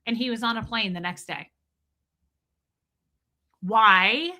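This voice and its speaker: A woman's voice: fairly high pitch, slow, sharp tone. A woman hosting a livestream, talking casually and rambling in an indignant tone while greeting viewers mid-sentence. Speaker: livestream host reading chat.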